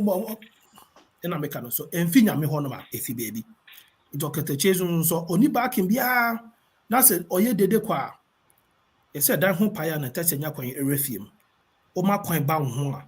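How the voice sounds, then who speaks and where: A man's voice: sits high, slightly rough. A Ghanaian man hosting a talk show, telling a story in casual Twi mixed with English. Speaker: radio show host.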